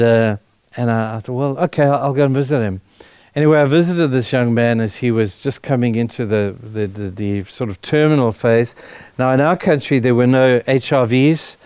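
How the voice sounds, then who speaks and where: Man, middle-aged, pastor, sermon testimony, earnest and emotional, halting restarts, dry close sound. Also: mid-range voice, a little mellow, clean tone, no echo. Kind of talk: sermon told as a personal testimony.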